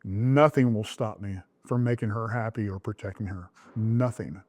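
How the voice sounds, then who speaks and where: A middle-aged man, the groom, tells the story of how he met his wife. He talks candidly and jumps up in pitch when he acts out old conversations. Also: normal speed, darkish tone. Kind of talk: recorded interview about his relationship.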